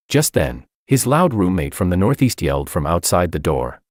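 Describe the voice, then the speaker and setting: A young man narrating a first-person story in a calm, matter-of-fact way. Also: low voice, normal speed, few pauses, no echo, studio quality.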